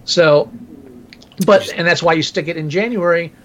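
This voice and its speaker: A man's voice: fairly high pitch, moderate pace. A man co-hosting a podcast who rants sarcastically about movies and swears now and then. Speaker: podcast co-host. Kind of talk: casual movie chat. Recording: dull, muffled mic.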